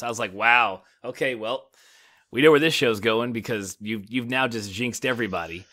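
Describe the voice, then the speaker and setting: An American man co-hosting a podcast, recapping a TV episode in casual chat and acting out characters' lines with animated, laughing energy. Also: mid-range voice, fairly quick. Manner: animated, laughing, quotes characters in raised voices. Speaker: podcast co-host.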